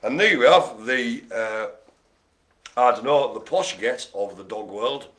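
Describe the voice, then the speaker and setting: A man's voice: mid-range voice, expressive, unhurried, a bit bright. A man hosting a live bingo game, calling out numbers and rambling through jokey asides. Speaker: bingo host.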